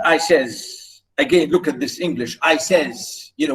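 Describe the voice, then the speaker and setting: A man's voice: a little high, lively intonation, unhurried, far from the mic, low-quality recording. A man lecturing on literature, who repeats and restarts phrases as he explains and points out British pronunciation.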